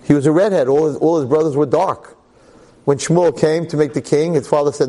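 A man's voice: fairly high pitch, a little fast, mellow. A man giving a weekly Torah portion class, telling stories emphatically and repeating key lines. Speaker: Torah lecturer.

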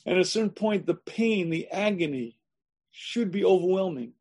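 A man gives a sermon-style lecture over a video call in a high, mellow voice. He is emphatic, doubles up his phrases and clears his throat often. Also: expressive, normal speed. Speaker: rabbi giving a lecture.

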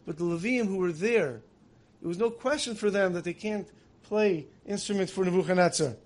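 A man's voice: high-pitched, moderate pace. A man giving a sermon, telling stories in an earnest way that builds emotion. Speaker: religious teacher.

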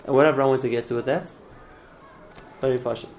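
A man's voice: medium pitch, steady tone, a little fast, a little mellow, a little hiss or hum, rough recording. A man teaching a religious class in an earnest way, often repeating words and restarting his phrases. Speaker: Torah teacher.

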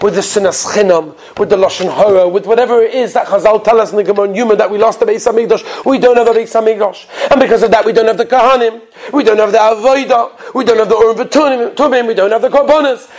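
High-voiced man giving a lively sermon. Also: a little hiss or hum. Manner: animated, chuckling storyteller. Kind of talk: sermon with storytelling.

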